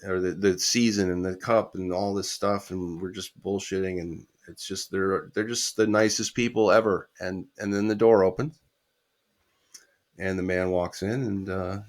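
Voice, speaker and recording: Deep-voiced man telling a story. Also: fairly even intonation, moderate pace. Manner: storytelling, quotes people, swears casually. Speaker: guest musician. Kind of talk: casual anecdote telling.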